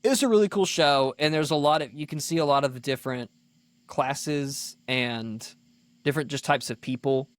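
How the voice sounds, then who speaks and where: A man co-hosting a podcast, telling an animated story in casual chat, full of "like" fillers. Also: mid-range voice, normal speed, no echo. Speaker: podcast co-host.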